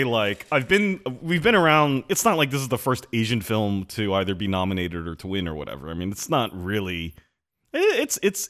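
A man co-hosting a podcast in casual chat, rambling and acting out quotes. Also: lowish voice. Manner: animated, rambling, acts out quotes. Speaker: podcast co-host.

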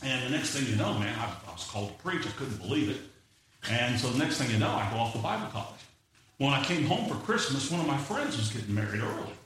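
In an echoey church sanctuary, a man preaches a sermon at a quick pace and medium pitch, telling personal stories and animatedly acting out the voices of the people in them. The mic sits far off, and faint noise lingers in the hall.

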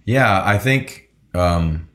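A man's voice: low voice, expressive, extremely slow, fairly bright tone. A man, a musician and pilot, telling casual anecdotes in an interview with lots of fillers and restarts. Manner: rambling, filler-heavy anecdotes.

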